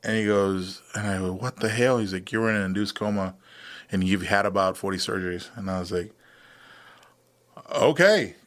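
Low-voiced man telling his story casually. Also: fast. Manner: relaxed, matter-of-fact, many fillers. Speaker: podcast guest, wounded veteran.

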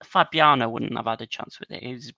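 Another Cypriot man co-hosts the laid-back football podcast, cracking jokes and puns and laughing a lot as the week's news comes up. He talks a little fast in a medium-pitched, gravelly voice with a sharp tone, and the recording is dry.

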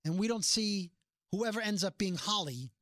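A woman's voice: medium pitch, normal speed, no room sound, studio quality. A middle-aged woman co-hosting a podcast, chatting casually and telling stories with emphatic energy. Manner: animated, emphatic storyteller. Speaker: podcast co-host. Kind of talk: casual chat.

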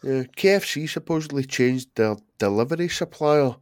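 A man in his thirties, bantering on a podcast with plenty of swearing and laughs. His voice is mid-pitched and recorded dry and close, with no room echo. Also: animated, normal speed, darkish tone. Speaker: podcast co-host. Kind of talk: casual chat.

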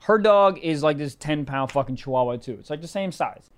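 A podcast co-host tells a story in casual, profane chat, animated and acting out the quoted voices of the people in it. His voice is fairly high-pitched and a little fast.

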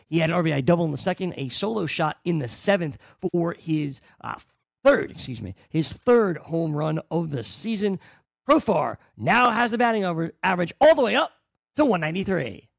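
Wry, gravelly-edged male podcast co-host. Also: fairly high pitch, no room sound, studio quality. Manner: wry, dryly sarcastic. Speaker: fantasy baseball podcast co-host. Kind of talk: casual sports analysis chat.

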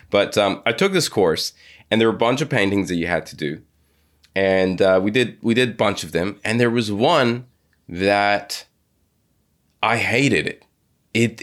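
A man hosting a business podcast, talking in a halting way with many restarts and telling a personal anecdote. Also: low voice. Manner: hesitant, many restarts and repeated words; storytelling, acts out quoted speech. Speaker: podcast host. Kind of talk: conversational interview.

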